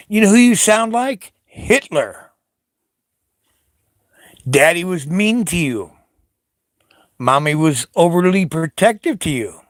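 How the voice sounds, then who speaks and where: A man's voice: high-pitched, expressive, slow pace, pauses often, dry recording, studio quality. An older man from the United States, a Navy veteran, delivering an angry, profane political rant, confrontational and taunting.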